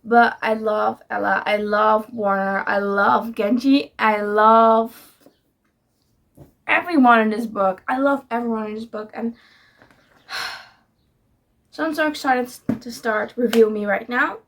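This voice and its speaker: A woman's voice: on the high side, slow pace, gravelly, pauses often, a bit bright. A young woman chatting casually in her reading vlog, gushing and giggly about the books she's read. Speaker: book vlogger.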